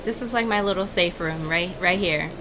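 A woman giving horror game let's-play commentary, jittery and swinging from hushed muttering to frantic yelps. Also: fairly low pitch, moderate pace, noisy background. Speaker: video game player.

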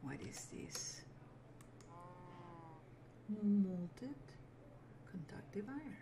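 Extremely slow and sing-song, a mid-range female voice carries this casual let's play over a noisy background. The gaming creator talks to herself while playing and giggles a little when apologizing.

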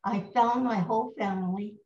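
An American voice actress in her 90s is a guest in a casual storytelling interview, sharing showbiz anecdotes and fondly putting on voices. Her voice is lively and a little high, at normal speed. The recording is roomy and slightly dull.

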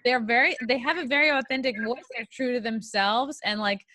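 Bright-voiced woman hosting a podcast. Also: fairly high pitch, brisk, no room sound. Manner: candid, opinionated, talks it through with fillers. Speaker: podcast host. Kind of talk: casual podcast chat.

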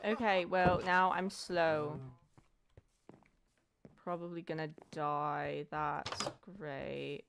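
A woman talks her way through a game in loose, rambling commentary. Her voice sits on the low side and she takes her time, muttering self-deprecating asides. A faint hiss sits under the recording. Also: steady tone, extremely slow, creaky, pauses often. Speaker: let's play gamer. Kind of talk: casual gameplay commentary.

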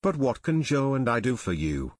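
A man reading a calm, terse teenage detective. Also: mid-range voice, normal speed, no room sound, studio quality. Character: level-headed teenage boy detective.

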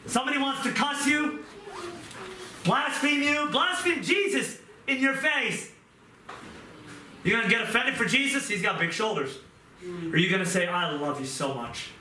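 A middle-aged man preaching a sermon with impassioned pleading that drops to hushed, tearful moments. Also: very high-pitched, lively intonation, normal speed, pauses often. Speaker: pastor. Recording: echoey room, mic at a distance, audible background noise.

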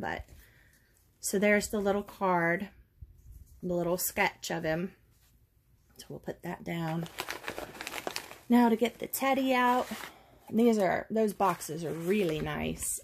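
A woman, a doll collector chatting casually and rambling a little as she opens a parcel on camera. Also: on the low side. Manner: chatty, rambling, folksy with "y'all". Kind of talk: casual unboxing chat.

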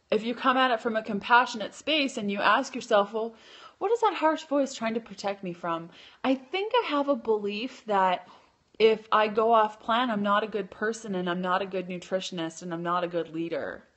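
A woman's voice: mid-range voice, moderate pace, fairly bright tone. A woman hosting a casual live stream, chatty and loose, using lots of fillers and correcting herself as she goes. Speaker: podcast host and keto blogger.

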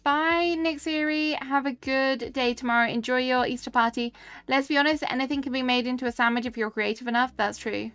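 A woman's voice: high-pitched, steady tone, fairly quick, fairly bright tone, smooth, dry recording, faint music behind. Chatty woman streaming a game. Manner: chatty, reads and answers chat, giggly. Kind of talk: casual live-stream chat while playing.

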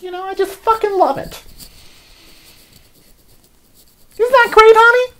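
A man's voice: mid-range voice, a little mellow. A young man delivering a rambling, profane comedic rant as a podcast host.

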